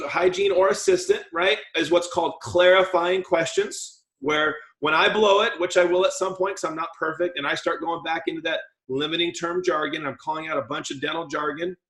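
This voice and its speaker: A man leads a dental team training in a lively, joking way, often slipping into what he'd say to a patient. His voice sits a little high. The sound bounces around an echoey meeting room. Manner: lively, jokey, acts out patient talk. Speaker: practice coach.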